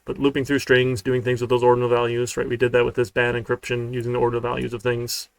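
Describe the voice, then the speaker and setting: A man's voice: medium pitch, monotone, fast talker, creaky, clear, resonant tone, no echo. A man teaching a live-streamed programming class in a casual, chatty way, often checking in with "right?". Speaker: university programming instructor. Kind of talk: live-streamed coding lecture.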